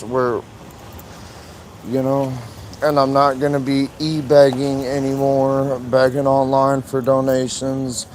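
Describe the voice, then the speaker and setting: A man live streaming from his phone outdoors, rambling and halting, full of fillers and swearing. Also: medium pitch, slight background noise, low-quality recording. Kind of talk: emotional casual live stream monologue.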